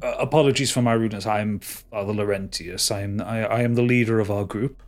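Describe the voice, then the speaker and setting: A man voicing a formal, gracious older male cult leader who speaks with halting restarts in a tabletop game. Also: lowish voice, fairly even intonation, lightly acted.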